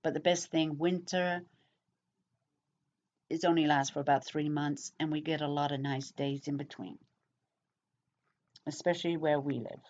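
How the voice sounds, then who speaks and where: A woman's voice: deep voice, fairly even intonation, moderate pace, long pauses, darkish tone. A middle-aged woman from England with an English accent, chatting casually to camera in a rambling way with many fillers. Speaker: vlogger. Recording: dull lo-fi sound.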